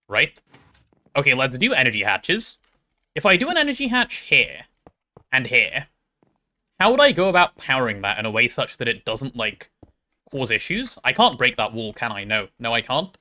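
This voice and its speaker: Lively, bright-voiced male game streamer. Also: medium pitch. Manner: chatty, thinks aloud while playing and answers chat. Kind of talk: casual gaming stream chat.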